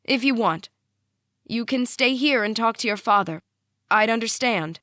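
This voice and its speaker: A woman reading the part of a distraught middle-aged mother whose voice rises high and shrill with shock. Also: lively intonation, measured pace, fairly bright tone, no room sound, studio quality. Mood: pleading. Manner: high-pitched, shrieking, tearful.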